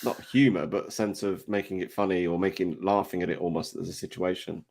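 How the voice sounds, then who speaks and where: Very deep-voiced male podcast host. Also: fairly even intonation, a little fast, creaky, darkish tone. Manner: hesitant, repeats words as he asks questions. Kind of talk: casual interview.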